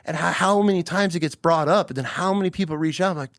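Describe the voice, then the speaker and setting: A man hosting a podcast, telling a story in an animated, emphatic way with plenty of swearing. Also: a little high, fast talker, dry recording, studio quality. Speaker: podcast host. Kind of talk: casual conversation.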